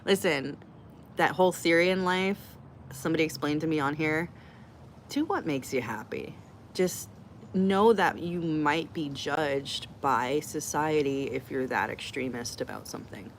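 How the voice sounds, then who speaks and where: A woman's voice: sits low, unhurried. Middle-aged lady doing a live q&a, blunt and jokey, talks right back to chat, bit of faint hiss behind her. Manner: chatty, blunt and joking, reacting to comments. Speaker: livestream host answering chat.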